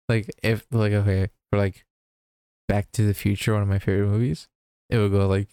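A man co-hosting a podcast in casual chat, rambling and giggling. His voice is smooth and resonant. It sits close on a dry mic. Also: on the low side, level tone, normal speed, warm tone, no echo. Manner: goofy, giggly, rambling with restarts. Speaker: podcast co-host.

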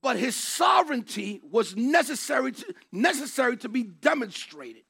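Man, preacher, very high voice, husky, emphatic sermon, repeats phrases and shouts. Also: sing-song, normal speed.

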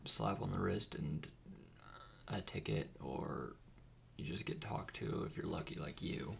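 A man's voice: low voice, expressive, measured pace, vocal fry, a little hiss or hum. A young man hosting a podcast, chatting casually and rambling with frequent restarts. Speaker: podcast host. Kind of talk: casual chat.

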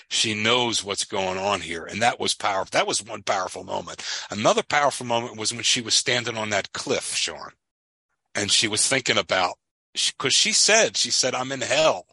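A man's voice: on the low side, moderate pace, breathy edge, no room sound, low-quality recording. A man with a Philadelphia accent, co-hosting a podcast and retelling scenes in a casual, earnest way. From Philadelphia area. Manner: earnest, animated storyteller. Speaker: podcast co-host. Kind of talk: casual chat.

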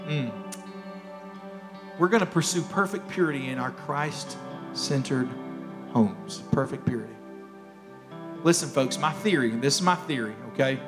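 A man's voice: mid-range voice, unhurried, pauses often. A man preaching a sermon as pastor, emphatic and repeating his key phrases. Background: worship music.

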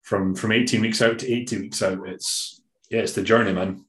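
A man's voice: on the low side, fairly even intonation, moderate pace, a bit bright, roomy sound. A Scottish man, a bodybuilding coach, talking in a rambling, emphatic way in a casual podcast interview, now and then swearing. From Scotland.

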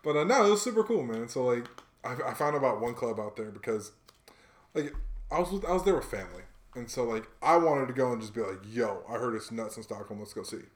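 A young man in casual chat, telling a travel story in a relaxed, slang-heavy way and getting animated when he quotes people. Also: medium pitch, quick pace. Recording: roomy room echo.

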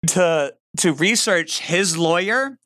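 A man's voice: sits high, lively intonation, takes it slowly, a crowd in the background. A young man co-hosting a comedy podcast, jokey and laughing through his lines. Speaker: podcast co-host. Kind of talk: casual comedy banter.

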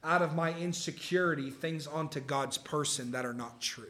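Guy preaching a sermon, kinda high bright voice, chatty with the crowd. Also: moderate pace. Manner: conversational, keeps checking in with the room. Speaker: pastor. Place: church service before a live congregation.

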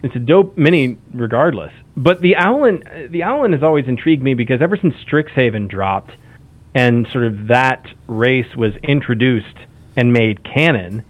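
A man's voice: mid-range voice, lively intonation, moderate pace. A man in casual chat, talking enthusiastically and rambling with frequent restarts. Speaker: podcast guest. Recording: phone-like lo-fi audio.

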